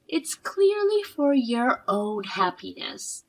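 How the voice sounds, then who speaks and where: A young woman narrating her own drama story in the first person, cool and cutting when she confronts someone, calm in narration. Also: on the high side, slow, few pauses, low-quality recording. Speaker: narrator and protagonist.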